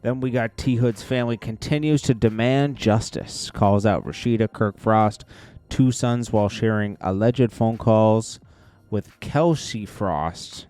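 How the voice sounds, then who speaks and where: Low-voiced man in casual commentary. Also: a little mellow, clear, resonant tone, dry recording. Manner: casual, rambling, chuckling asides. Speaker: host. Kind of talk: celebrity news commentary vlog.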